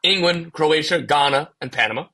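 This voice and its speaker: A man's voice: fairly high pitch, fairly quick, pushed and bright. A young man hosting a casual podcast, restarting his sentences and leaning on fillers as he asks questions. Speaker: podcast host.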